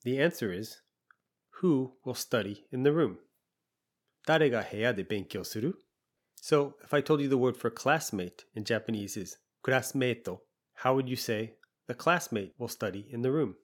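A man teaching a language lesson, patiently explaining and repeating example phrases slowly. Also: mid-range voice, lively intonation.

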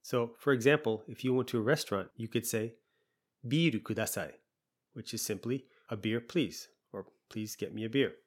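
A man teaching a language lesson, patiently explaining and repeating example phrases slowly. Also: mid-range voice, husky.

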